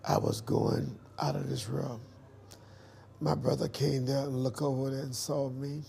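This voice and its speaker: A man in an interview, telling his life story in a lively storytelling way and acting out the dialogue. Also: medium pitch, unhurried, gravelly, a little hiss or hum.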